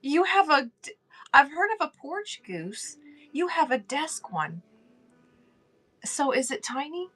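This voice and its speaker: A woman's voice: high voice, bright, forceful tone. A middle-aged woman, hosting a casual livestream chat, reading chat aloud and laughing often. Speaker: livestream host.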